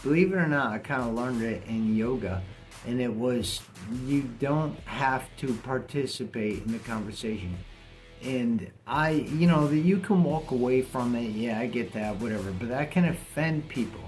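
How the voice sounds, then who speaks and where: A man's voice: medium pitch, animated, moderate pace, darkish tone, soft background music. A man talking bluntly and casually to camera in a vlog, cursing now and then. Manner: blunt, plainspoken, swears casually. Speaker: vlogger.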